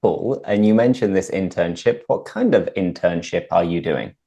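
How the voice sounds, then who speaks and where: A man hosting a conversation and explaining English usage in a clear, patient way as a teacher. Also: low voice, normal speed, warm tone.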